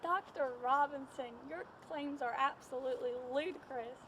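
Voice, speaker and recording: A woman's voice: high-pitched, moderate pace, close to an everyday voice. A young woman in a student play voicing a trusting young lady who firmly dismisses a claim. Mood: dismissive. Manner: dismissive, firm. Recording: noisy with traffic behind.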